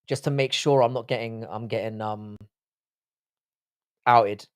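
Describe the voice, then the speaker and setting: A man's voice: lowish voice, fairly even intonation, a little slow, clean tone. Man, London accent, live stream host, swearing, joking with the chat. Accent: London English. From England. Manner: profane, joking banter with the chat.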